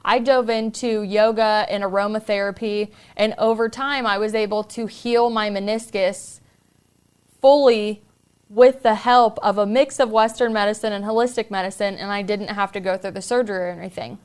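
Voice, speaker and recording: A woman's voice: mid-range voice, steady tone, normal speed, a little mellow, clear, resonant tone. A woman podcast host telling a personal story in an earnest, confiding way.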